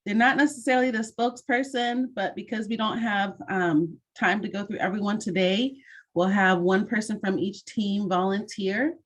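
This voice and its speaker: A woman hosting an online mentoring session over a video call, giving clear, encouraging instructions. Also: mid-range voice, steady tone, normal speed.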